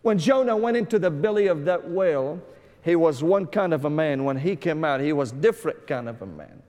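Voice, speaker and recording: A fervent male pastor from Syria delivering a sermon in a fairly high voice. He swings between rousing calls and hushed, tearful intensity. His voice rings out with a long reverb, as in a church hall. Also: lively intonation, brisk. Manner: impassioned preaching, dropping to hushed intensity.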